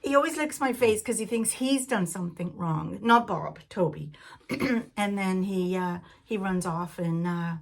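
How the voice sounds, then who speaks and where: A woman hosting a knitting podcast in a rambling, chatty way, with frequent laughs and animated asides. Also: mid-range voice, unhurried.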